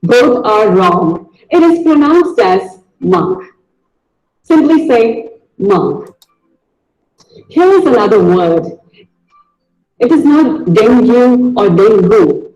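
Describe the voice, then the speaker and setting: A man teaching pronunciation in a video lesson, deliberately saying each word and repeating it as a drill. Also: sits high, very animated, darkish tone, echoey room, dull audio.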